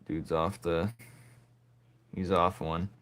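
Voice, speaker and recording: A man's voice: sits low, little pitch movement, slow pace, a bit bright, a little hiss or hum. A man giving casual commentary while he draws, laid-back and teasing, talking to himself as he works. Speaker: artist drawing on camera.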